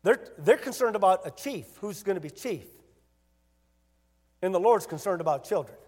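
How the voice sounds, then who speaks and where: A man preaching a sermon as pastor, emphatic and rising to loud bursts. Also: high voice, animated, normal speed, big-room sound.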